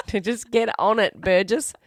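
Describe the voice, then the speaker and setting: A woman's voice: mid-range voice, a little slow, dry recording, studio quality. A woman co-hosting a podcast, teasing and asking quiz questions in casual chat. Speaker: podcast co-host.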